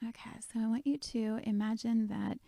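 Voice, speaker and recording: A woman leading a guided meditation, speaking softly and gently, often half-whispered. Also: fairly high pitch, steady tone, normal speed, gravelly, dry recording.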